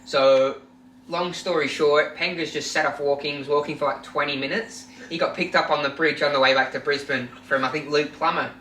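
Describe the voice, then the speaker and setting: A young man co-hosting a podcast, animated and acting out quotes as he tells stories. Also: fairly high pitch, brisk, recorded from a distance, slight background noise. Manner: animated storyteller, acts out quotes. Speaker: podcast co-host. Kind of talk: casual storytelling chat. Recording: echoey room, away from mic.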